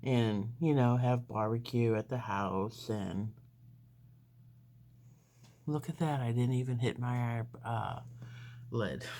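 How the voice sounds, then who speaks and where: A woman's voice: very deep voice, warm tone, a little hiss or hum. A woman telling a long personal story in a casual, rambling way while she does her makeup. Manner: rambling, unhurried, with frequent fillers. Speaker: beauty vlogger.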